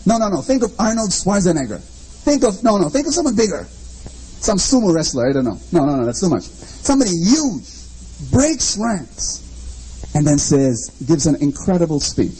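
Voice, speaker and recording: A man's voice: high voice, sing-song, moderate pace, mellow, slightly rough, poor audio. A man preaching a sermon, emphatic and repetitive, with lots of rhetorical questions and dramatic storytelling.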